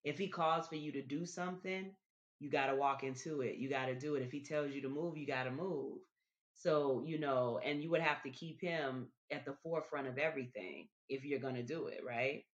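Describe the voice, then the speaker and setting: With a very deep voice and a fairly quick pace, a female podcast host chats casually and reflectively to her listeners, addressing them directly and frequently repeating words. The sound is dull and lo-fi.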